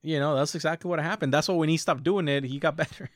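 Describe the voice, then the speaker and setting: A man ranting in casual, profane podcast chat as co-host, animated and talking fast in bursts. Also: on the high side, no echo, clean studio sound.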